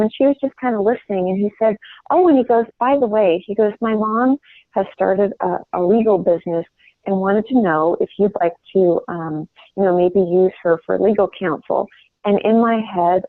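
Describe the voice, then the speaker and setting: A woman's voice: mid-range voice, dry recording. Middle-aged woman, sales trainer, earnest and rambling with restarts, heard on a tinny phone line. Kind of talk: coaching call on sales. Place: home.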